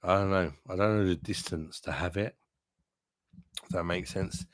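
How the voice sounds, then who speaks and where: A man with a very low voice hosts a relaxed beer livestream from a room at home. He banters loosely and reads out comments from his viewers. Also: normal speed, pauses often. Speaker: beer review livestream host. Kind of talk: casual livestream chat.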